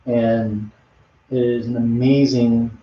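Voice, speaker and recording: A middle-aged man paints on a live stream, chatting casually with viewers between brushstrokes and rambling from one thought to the next. His medium-pitched voice is slow with little pitch movement, and the dull lo-fi audio comes from an echoey room with slight background noise.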